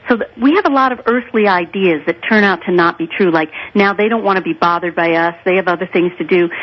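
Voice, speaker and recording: A woman's voice: medium pitch, muffled recording. A woman guest on a radio show, telling stories in an emphatic, earnest way. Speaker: guest therapist and author. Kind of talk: radio interview.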